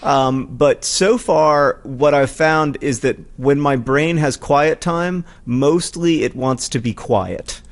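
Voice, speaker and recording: A man's voice: a little high, takes it slowly, few pauses. A man in his forties co-hosting a casual comedic chat, rambling with lots of ums and restarts. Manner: rambling, self-deprecating, many ums and restarts. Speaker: podcast co-host. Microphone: studio mic with headphones.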